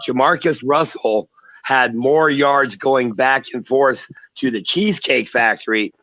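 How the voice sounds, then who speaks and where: A man's voice: mid-range voice, unhurried, a bit bright. Theatrical male sports guest on a dull call. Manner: theatrical, showman-like, mocking. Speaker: guest commentator. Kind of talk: sports talk rant.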